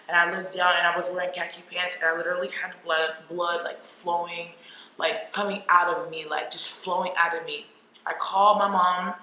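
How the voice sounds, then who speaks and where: Bright young woman telling a story. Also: fairly low pitch. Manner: candid, emotional, frequent "like" fillers. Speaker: vlogger. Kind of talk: personal storytelling to camera. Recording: echoey room with faint noise.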